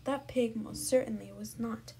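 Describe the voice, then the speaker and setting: A woman's voice: fairly high pitch, steady tone, moderate pace, vocal fry, noisy background. A woman reading the lines of a stern police officer who sticks to the rules, in a storybook read-aloud. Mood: officious.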